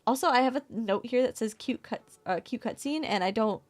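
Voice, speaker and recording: A woman co-hosting a casual podcast, recapping an anime episode in a rambling, excitable way and laughing often. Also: on the high side, brisk. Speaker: podcast co-host.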